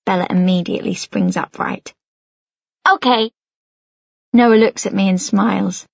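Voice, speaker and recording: A woman narrating a novel in the first person with an intimate, soft-spoken delivery. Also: mid-range voice, steady tone, moderate pace, gravelly, no echo, lo-fi sound. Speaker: audiobook narrator.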